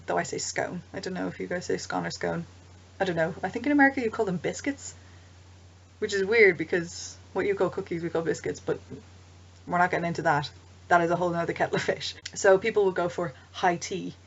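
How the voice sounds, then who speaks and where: A woman giving casual, chatty advice to game masters, rambling into asides with plenty of ums. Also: lowish voice. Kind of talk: casual explanatory vlog. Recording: dull lo-fi home recording.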